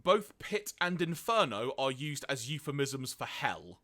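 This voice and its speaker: A man's voice: medium pitch, very animated, measured pace, a bit bright. A man co-hosting a casual podcast, reading out notes on an episode and laughing often. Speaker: podcast co-host.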